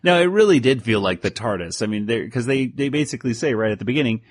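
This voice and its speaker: A man co-hosting a podcast in casual chat, rambling through a comic recap and jumping into higher voices for quoted lines. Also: expressive, fast talker, husky, no room sound, clean studio sound. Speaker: podcast co-host.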